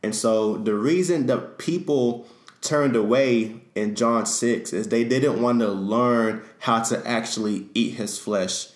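A man's voice: mid-range voice, slow. A man co-hosting a faith discussion, talking in an earnest, teaching way. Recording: echoey room.

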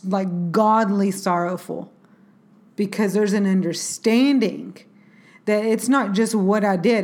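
A woman's voice: mid-range voice, a little mellow. A woman in a casual faith talk, speaking earnestly and reflectively, with many fillers and restarts. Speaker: Christian speaker.

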